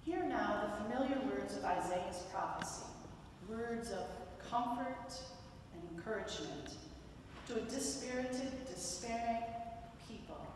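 A woman leading a worship service, speaking a formal prayer and introducing a scripture reading in calm, measured phrasing, recorded in a church sanctuary from a distant mic. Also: on the high side. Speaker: worship leader. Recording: echoey church from far off, audible hiss.

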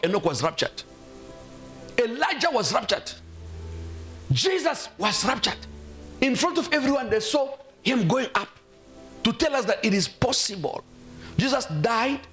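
High, animated preaching man. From South Africa. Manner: emphatic preaching with repeated hallelujahs and exhortations. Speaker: pastor. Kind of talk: sermon.

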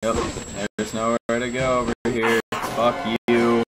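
A man's voice: medium pitch, completely flat delivery, a little slow, poor audio. Jumpy, foul-mouthed man gaming over music. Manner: jumpy, swears constantly, breaks into panicked yelling. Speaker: let's play gamer. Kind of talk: horror game commentary. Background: game music.

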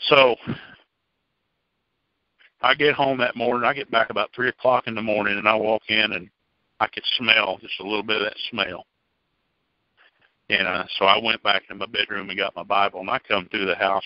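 A man's voice: fairly low pitch, dry recording. A middle-aged man giving a personal testimony to a church group in a folksy, plainspoken storytelling manner. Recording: dull, dry lo-fi recording.

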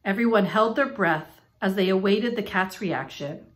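A woman reading a children's picture book aloud in an expressive, playful storytelling manner. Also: mid-range voice, moderate pace.

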